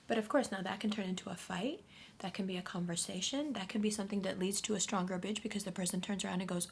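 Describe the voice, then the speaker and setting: A woman giving a casual astrology reading to camera, blunt and profane, often talking in a soft half-whisper. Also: mid-range voice, quick pace, gravelly, slight background noise. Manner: blunt and profane, addressing the viewer directly. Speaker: astrology reader.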